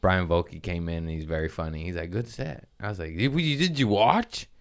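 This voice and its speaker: A man's voice: deep voice, normal speed, gravelly. A man hosting a podcast in casual chat, goofy and laughing often, using street slang. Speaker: podcast host.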